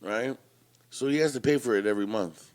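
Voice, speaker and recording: A man co-hosting a podcast, telling a family story in an animated, profane way. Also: on the low side, a little fast. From Canada. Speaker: podcast co-host. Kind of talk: casual storytelling.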